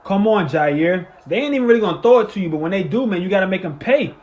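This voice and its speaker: Excitable fan calling a game live. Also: male voice, high voice, quick pace, roomy sound, muffled recording. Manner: excitable, swings from muttering to shouting, cusses; talks while eating. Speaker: live game reaction host. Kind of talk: live sports play-by-play and reaction.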